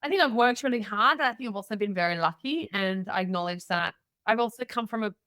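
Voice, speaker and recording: A middle-aged Australian woman with a bright, forward voice tells candid stories on a podcast interview, acting out what others said to her. The sound is dry and close, with no room around it. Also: mid-range voice, quick pace, no room sound. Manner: candid, animated storyteller acting out quoted voices. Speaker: guest entrepreneur.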